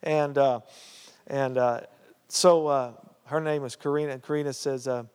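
A man preaching a storytelling sermon in a conversational way, full of "uh" and "you know", and growing animated. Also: mid-range voice, moderate pace, clear, resonant tone. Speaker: pastor. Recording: reverberant hall sound.

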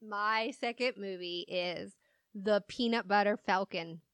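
A woman's voice: medium pitch, unhurried, a bit bright, smooth, no room sound. A woman co-hosting a casual movie-review chat, retelling plots in a giggly, rambling way full of "like". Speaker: podcast co-host.

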